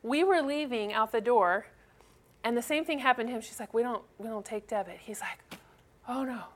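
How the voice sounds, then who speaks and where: A woman's voice: on the high side, normal speed. A middle-aged mother giving a casual church talk, chatty, with many fillers and frequent laughs. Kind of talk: personal storytelling talk.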